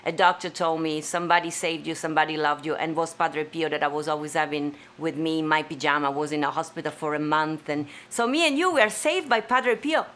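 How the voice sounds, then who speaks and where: A woman's voice: low-pitched, a little fast, few pauses, a bit bright. A woman host from Italy, chatting effusively with her guest in slightly phrasing. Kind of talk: casual interview chat. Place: home.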